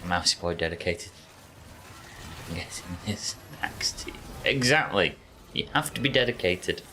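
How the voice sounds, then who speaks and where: A low-pitched man with a sharp tone speaks at a normal pace, sounding animated, with a little hiss or hum in the audio. As a streamer, he casually remarks on his gameplay, cracking jokes and talking to his chat.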